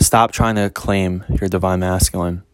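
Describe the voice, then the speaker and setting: A man with a lowish voice delivers a casual spiritual monologue straight to his listeners. He is blunt and emphatic and curses freely. The sound is dry and close, with no room around it. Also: fairly even intonation, moderate pace, smooth, dry recording. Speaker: spiritual reader.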